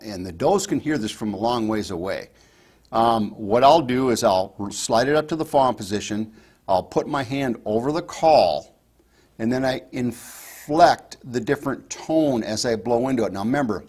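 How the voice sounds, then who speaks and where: A man teaching hunters fawn calls, explaining each step in a relaxed instructional way. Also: mid-range voice, slightly rough. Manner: explains step by step, demonstrates softly. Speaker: hunting call instructor. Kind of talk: instructional talk.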